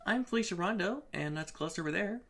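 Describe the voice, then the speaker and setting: A woman's voice: mid-range voice, expressive, fairly quick, fairly bright tone. A woman co-hosting a casual comic review stream, talking hesitantly with frequent ums and uhs. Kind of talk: casual chat.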